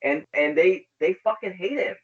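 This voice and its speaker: A man hosting a podcast, chatting casually in a rambling, excitable way. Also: high voice, normal speed. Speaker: podcast host. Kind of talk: casual chat. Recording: slightly dull lo-fi sound.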